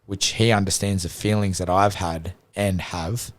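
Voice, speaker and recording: A man talks on a podcast in a casual, reflective way, telling an earnest personal story. His voice sits very low, and the recording is dry with no room echo. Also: steady tone, normal speed. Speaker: podcast guest.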